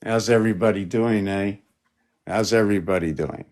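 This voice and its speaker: A man's voice: mid-range voice, normal speed. Rambling, playful man showing his art. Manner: rambling, playful, jumps between excited exclamations and muttering. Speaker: artist showing his paintings. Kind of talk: casual live-stream chat.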